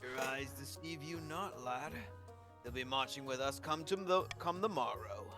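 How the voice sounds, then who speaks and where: A man voicing a boisterous, hard-drinking male clan chief in a tabletop role-play game, gruff and old-fashioned in his speech. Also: mid-range voice, normal speed, over music, lightly acted. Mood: assured.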